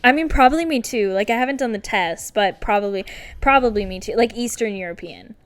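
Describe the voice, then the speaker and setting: A woman's voice: a little high, fairly quick. A woman co-hosting a podcast in casual chat, talking with lots of "like" fillers and laughing often. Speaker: podcast co-host.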